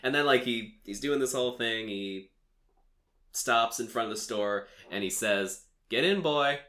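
A man's voice: lowish voice, fairly even intonation, a little slow, pushed and bright. A man hosting a casual chat show, recapping a film in a rambling way with lots of filler words and laughs. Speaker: podcast host recapping a film.

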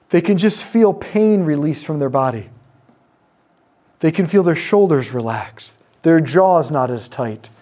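Speaking to a live audience, this man teaches on prayer ministry in a sermon-like talk, his fairly high voice warm and full of lively intonation. He narrates a story, voices its characters, and lets pauses sink in.

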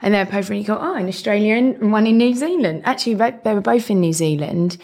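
A woman's voice: mid-range voice, fast talker. A young woman with a South East London accent, chatting casually as a podcast guest and laughing often while telling stories. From England. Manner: lively storyteller, laughs often. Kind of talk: casual chat.

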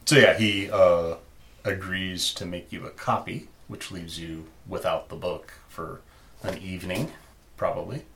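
A man's voice: sits low, fairly even intonation, a little slow, a bit bright, slight background noise. A man narrating as game master in a tabletop game, loose and chatty. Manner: loose and chatty, many fillers.

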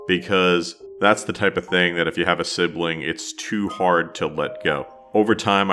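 Deep-voiced man hosting a podcast. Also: pushed and bright. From New Jersey. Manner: storytelling, wry and self-deprecating. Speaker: podcast host. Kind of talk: scripted podcast narration.

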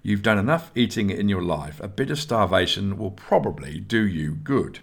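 A man's voice: fairly low pitch, expressive, moderate pace, gravelly, a bit bright, heavily acted. A man reading aloud and voicing a sly, mocking young male squire in a storybook. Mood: smug.

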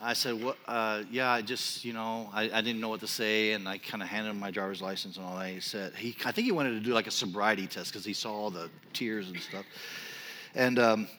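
A pastor in his fifties from Texas, preaching a sermon and telling a personal story with animated, self-deprecating humor. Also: on the low side, fairly quick, a little hiss or hum. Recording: long reverb of a large hall.

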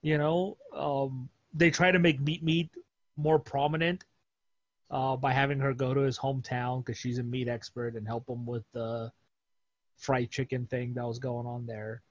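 A man's voice: mid-range voice, little pitch movement, moderate pace, no room sound, dull audio. A man co-hosting a podcast, chatting casually and laughing often. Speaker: podcast co-host. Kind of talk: casual chat.

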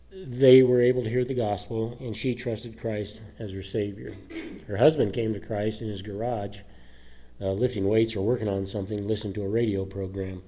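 Guy pastor giving a sermon, rambly and chatty with lots of uhs, warm dark voice, throat kinda rough. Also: on the low side. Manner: conversational, rambling with many fillers. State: throat trouble, a little choked up. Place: church sanctuary.

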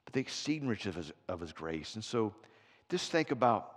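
A man preaching a sermon in a church, telling stories with big swings from quiet to shouting. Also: lowish voice, very animated, fairly quick. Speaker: pastor. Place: church sanctuary. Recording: preaching in a church hall with long reverb.

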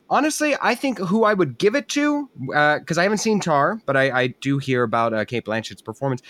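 A man's voice: a little high, fairly bright tone. A man hosting a casual panel discussion, hesitant and restarting his sentences often. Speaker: host.

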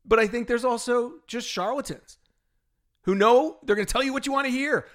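Middle-aged man, fitness podcast host, fairly high voice, worked-up ranting, laughs often. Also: fairly quick. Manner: animated, exasperated ranting with laughs. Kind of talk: solo podcast monologue.

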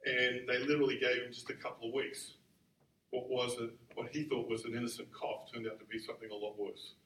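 A man's voice: medium pitch, fairly bright tone. A man in his forties, a pastor, telling a personal story in a sermon in a conversational, self-deprecating way. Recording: roomy hall from a distant mic, faint noise.

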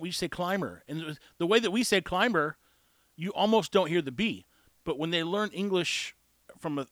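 A man's voice: on the high side, dry recording. A man talking in a casual monologue, candid and emphatic in a conversational way.

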